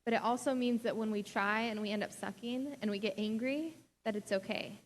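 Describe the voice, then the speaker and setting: A woman's voice: on the high side, fairly even intonation, a little fast. Chatty young woman preaching in a reverberant hall. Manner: casual, chatty preaching with frequent "like" and laughs. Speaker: pastor. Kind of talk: sermon. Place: church sanctuary.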